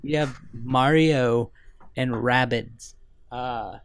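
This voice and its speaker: A man's voice: mid-range voice, fairly even intonation, drawn-out words, a little hiss or hum. A man co-hosting a video game podcast, easygoing and joking in casual chat. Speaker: podcast co-host.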